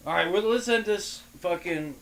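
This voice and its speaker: A man hosting a talk show, chatting loosely and swearing often in an excited, casual way. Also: sits high, moderate pace, vocal fry. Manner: loose, profane, enthusiastic. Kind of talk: casual podcast chat.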